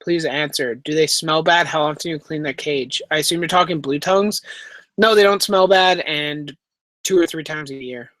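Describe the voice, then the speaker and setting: A man's voice: a little high, normal speed, a bit bright, no room sound. A man from Canada hosting a casual live stream Q&A from home, reading chat aloud through his laptop microphone and joking around. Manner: laid-back, reads chat aloud, jokes and swears. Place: home room with pet enclosures.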